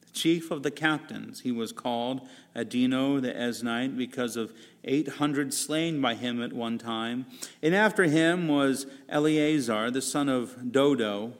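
A man preaches a sermon to his congregation at a mid pitch, moving easily between scripture and self-deprecating stories. His voice carries a long reverb from the church sanctuary he stands in. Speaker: pastor.

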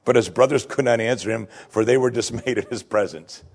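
A man preaching a sermon who tells the story dramatically, swinging from hushed to excited, and repeats key lines for emphasis. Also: medium pitch, brisk, few pauses, breathy edge.

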